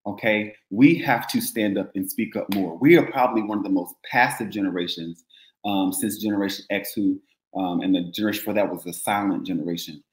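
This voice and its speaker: Man, lowish voice, emphatic rallying speech, echoey room. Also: brisk. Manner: emphatic, repetitive rallying calls. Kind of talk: impassioned political commentary.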